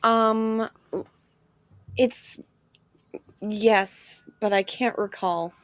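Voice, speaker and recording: A woman's voice: mid-range voice, fairly even intonation, extremely slow, no room sound. A woman co-hosting a casual livestream, chatty and upbeat. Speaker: livestream co-host.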